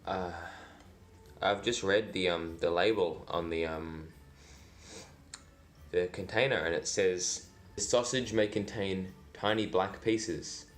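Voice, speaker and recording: A man's voice: deep voice, slow pace, pauses often, faint music behind. A man doing a casual food review vlog, dry and self-deprecating, rambling with lots of fillers. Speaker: food vlogger.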